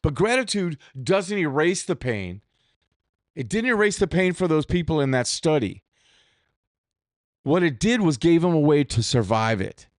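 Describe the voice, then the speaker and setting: A man's voice: on the high side, very animated, unhurried, no echo, studio quality. A man hosting a solo podcast, talking in a candid, profane, rambling way with restarts. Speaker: podcast host. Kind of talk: solo reflective podcast monologue.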